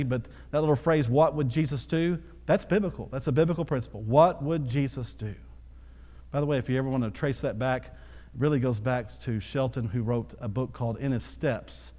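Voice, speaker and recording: A man's voice: medium pitch, fairly quick, darkish tone. A man in his thirties preaching a sermon, talking conversationally and then building to emphatic repetition. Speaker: pastor. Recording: long hall reverb.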